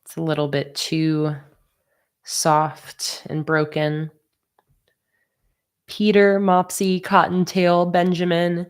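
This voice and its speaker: This woman's voice is on the low side, clear and resonant, with little pitch movement. She speaks slowly and pauses often as she designs stickers on a livestream, chatting casually, reading viewer comments aloud and laughing easily.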